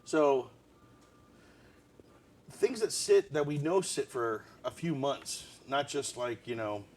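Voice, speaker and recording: A man in the host's seat of a casual live broadcast, keeping things moving by quizzing his co-host. His voice sits at an ordinary middle pitch, with a little faint noise under it. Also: lively intonation, slow, darkish tone. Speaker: show host. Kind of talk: casual live-stream chat.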